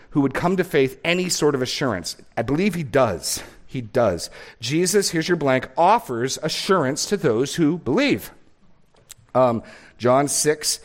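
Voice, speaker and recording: A male pastor delivers a sermon at an average pitch, speaking emphatically as he works through verses. He leans hard on key words and repeats them for weight. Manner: emphatic, stresses words while reading scripture aloud.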